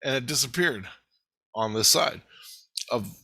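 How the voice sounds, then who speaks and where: A man telling a rambling, profane story in casual vlog style, getting excited as he goes. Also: mid-range voice, a little slow, breathy edge, no echo. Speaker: vlogger.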